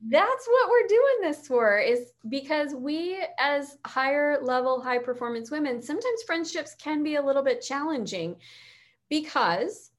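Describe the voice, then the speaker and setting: A woman hosting a podcast in casual chat, rambling with quick asides. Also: high voice, very animated. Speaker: podcast host.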